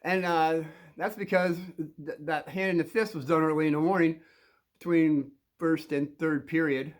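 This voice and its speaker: A man's voice: a little high, fairly even intonation, normal speed. A man talking to the camera and giving casual advice, rambling with many fillers and restarts. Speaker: advice vlogger.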